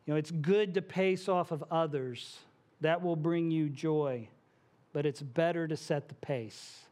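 High-voiced man preaching a sermon. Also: measured pace, a little mellow. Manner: conversational preaching with asides and self-deprecating jokes. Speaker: pastor. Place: church sanctuary.

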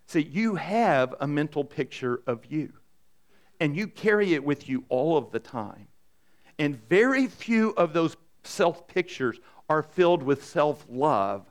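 A man preaching a sermon to a congregation in a conversational, animated way, often asking the room questions. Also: a little high, measured pace. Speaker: pastor. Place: church in front of a congregation.

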